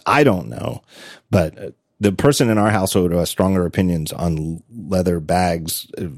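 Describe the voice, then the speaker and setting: A middle-aged man talking in a casual podcast chat, animated and laughing often, with halting restarts. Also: sits low, dry recording, clean studio sound. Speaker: podcast guest.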